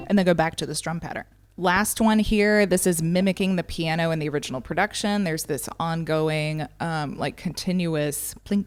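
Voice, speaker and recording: A lower-voiced woman runs a ukulele lesson and counts beats aloud as she goes. She calls out strum patterns in a patient, steady way. Light ukulele playing sits under her voice. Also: moderate pace, faint music behind. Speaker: ukulele teacher.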